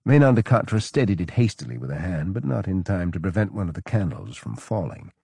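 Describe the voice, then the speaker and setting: A man narrates a historical novel in a measured, steady way. His voice is very low and husky but moves lively through its pitch, recorded dry and close. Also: no room sound. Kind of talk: audiobook narration.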